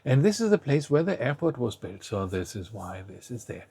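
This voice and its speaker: A man's voice: mid-range voice, very animated, moderate pace, warm tone, slightly rough, dry recording. A man teaching a language lesson to the viewer, patiently asking the learner to try each word before he says it.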